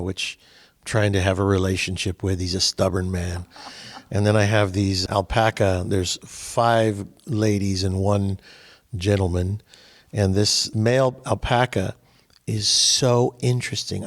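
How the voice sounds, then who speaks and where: An older man, the host, chatting casually and telling animated stories that grow louder and higher as he gets going. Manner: animated storyteller, voice rising as he tells stories. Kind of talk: casual chat.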